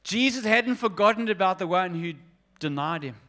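High-voiced earnest preacher man, forties. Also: expressive, normal speed, sharp tone. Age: 40s. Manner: earnest, emphatic, addresses listeners directly. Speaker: pastor. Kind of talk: sermon.

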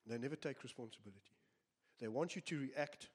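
A man's voice: mid-range voice, a little fast, breathy edge. A man preaching a sermon, earnest and emphatic, often repeating his phrases. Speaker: pastor.

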